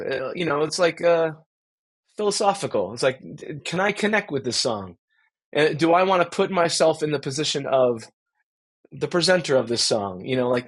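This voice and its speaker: A man's voice: mid-range voice, breathy edge. A middle-aged man, a musician as guest, giving long rambling, reflective answers full of fillers and restarts. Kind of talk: conversational interview answer.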